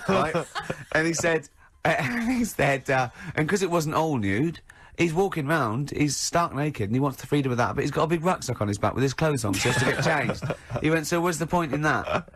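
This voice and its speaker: A man's voice: fairly high pitch, animated, normal speed, fairly bright tone, husky. A man hosting a radio show, telling stories and laughing a lot in casual banter from a studio. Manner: storytelling, retelling quotes, laughing often. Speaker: radio host. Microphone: studio mic.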